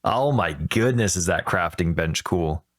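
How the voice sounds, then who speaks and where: Man, very low voice, casual gaming podcast host, rambling and excitable. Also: measured pace. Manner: rambling, excitable, self-correcting.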